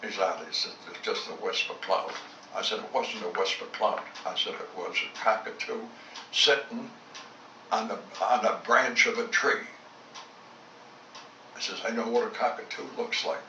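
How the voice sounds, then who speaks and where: A man's voice: fairly low pitch, fairly even intonation, moderate pace, sharp tone, a little hiss or hum. An older man, a former fighter pilot, recounting his wartime memories in a blunt, salty way, acting out both sides of old conversations. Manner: blunt, salty storytelling with reported dialogue. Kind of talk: recorded war reminiscence. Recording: roomy, dull home tape recording from a distance.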